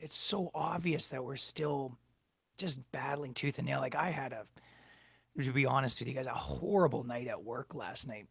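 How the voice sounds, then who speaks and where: A man's voice: mid-range voice, moderate pace, gravelly, fairly bright tone, breathy edge, no echo, studio quality. A man hosting a casual livestream chat, rambling, heated and swearing a lot. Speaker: livestream host. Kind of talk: casual chat on a video call.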